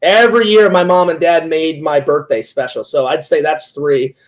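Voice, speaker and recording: A man's voice: a little high, steady tone, moderate pace. A talkative man interviewing a fellow streamer in casual chat, rambling through stories with many "like"s and "he goes"s.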